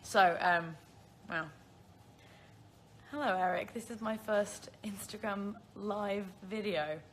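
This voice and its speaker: This woman in her twenties, from the Isle of Man, speaks with a British accent at a medium pitch and a slow pace, with a fairly bright tone. She chats casually on a phone livestream, answering viewer questions and often laughing at herself, over a little hiss or hum.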